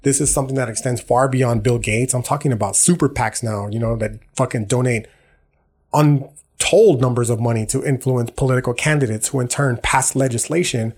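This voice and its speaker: Profane, blunt man, husky voice. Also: mid-range voice, a little fast, a little mellow. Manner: profane, blunt, street slang. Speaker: podcast host. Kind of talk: casual monologue.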